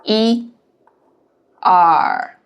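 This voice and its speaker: Super slow woman tutor going through characters stroke by stroke, close mic. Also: mid-range voice, clear, resonant tone, muffled recording. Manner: slow, careful, counting out strokes one by one. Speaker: Chinese language teacher. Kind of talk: slow step-by-step lesson narration.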